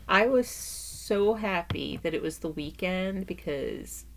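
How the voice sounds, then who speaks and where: Animated, slow-talking middle-aged woman vlogger. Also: lowish voice, creaky, a little hiss or hum. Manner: animated, exaggerated, laughing asides. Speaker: caretaker and parent vlogger. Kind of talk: casual storytelling vlog.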